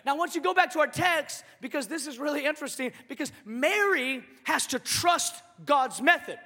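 A male pastor delivers a sermon in a lively, conversational, joking manner. His very high, bright voice carries through a hall with a long reverb. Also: brisk.

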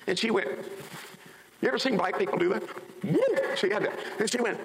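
Animated pastor guy telling a story, high bright voice, echoey church hall. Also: a little fast, vocal fry, husky. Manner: animated storyteller, acts out quotes. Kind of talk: sermon storytelling.

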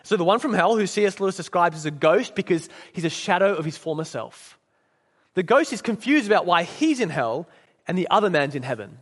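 High-voiced preacher. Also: male voice, big pitch swings, fairly quick, long reverb tail. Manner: earnest, storytelling, occasional restarts. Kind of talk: sermon. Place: church.

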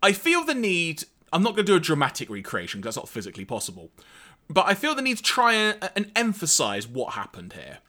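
Bright, lively man recapping. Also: on the high side, a little fast. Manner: animated, wry, summarizes plot with quoted lines. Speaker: podcast co-host recapping a cartoon episode. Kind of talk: casual recap chat.

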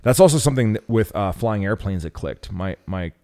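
A man hosting a podcast, telling stories in a loose, profane, animated way. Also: lowish voice, brisk. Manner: profane, rambling, animated storytelling. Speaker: podcast host. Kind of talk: casual podcast chat.

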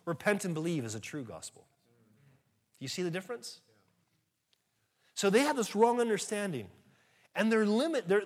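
High-voiced man preaching earnestly. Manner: earnest, conversational preaching with sudden rises in volume. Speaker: pastor. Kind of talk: sermon.

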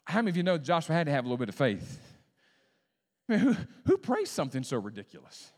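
A man pastor preaching a sermon to a congregation, with call-and-response lines and sudden swings between hushed talk and loud emphasis. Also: fairly high pitch, wildly swooping pitch, fast talker. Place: church sanctuary. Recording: long hall reverb.

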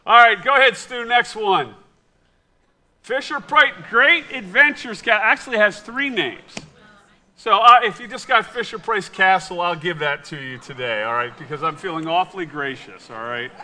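A middle-aged man, a pastor, running a quiz with his congregation and telling an animated, self-mocking story. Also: high voice, normal speed.

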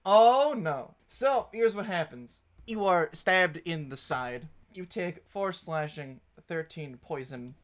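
A man's voice: on the high side, animated, slow pace, few pauses. A man narrating as game master of a tabletop game, with a wry, mock-pompous manner.

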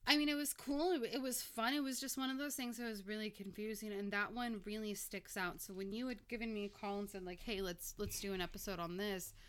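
A woman telling a story in casual chat, animated and swearing, quoting herself in lively bursts. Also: a little high, brisk, hardly any pauses, a little hiss or hum. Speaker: podcast guest storyteller.

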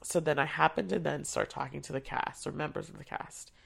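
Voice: medium pitch, steady tone, fairly quick, gravelly, a bit bright, husky. An adult who works in theater education tells a personal story in a casual, chatty way, with lots of fillers, and acts out what people said. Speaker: theater education staff member.

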